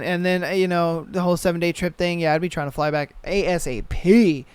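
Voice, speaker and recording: A man's voice: sits high, animated, brisk, sharp tone, clean tone, no echo. A young man hosting a podcast, ranting in a casual, exasperated and profane way. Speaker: podcast host. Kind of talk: casual reaction rant.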